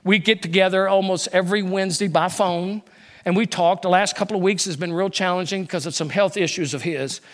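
A male pastor delivering a sermon in a high voice. He is animated and swings between loud, emphatic lines and hushed ones. He acts out quotes as he preaches. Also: brisk.

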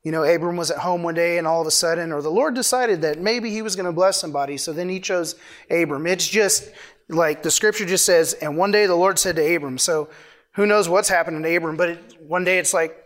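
A man delivers a relaxed, conversational sermon, his voice sitting a little high. He reads scripture aloud and breaks off into playful asides, like a friendly preacher talking with his congregation. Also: a little fast. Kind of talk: informal sermon.

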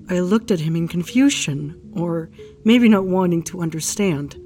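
Low-voiced woman narrating a grim horror tale. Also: normal speed, soft background music. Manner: hushed, grief-stricken retelling. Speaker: narrator recounting a case file. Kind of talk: first-person audio drama narration.

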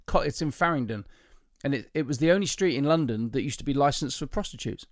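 A man's voice: medium pitch, animated, quick pace, dry recording. Chatty man sharing trivia, dry sound. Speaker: podcast co-host. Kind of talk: casual chat.

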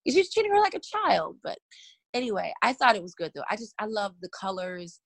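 A woman's voice: medium pitch, very animated, a little fast, vocal fry, no echo. A woman co-hosting a podcast in casual, playful chat, laughing often and swearing casually. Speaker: podcast co-host.

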